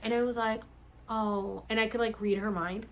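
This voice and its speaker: A woman's voice: on the high side, normal speed, slight background noise. A woman vlogger telling a story casually and acting out the dialogue. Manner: animated, acts out the dialogue.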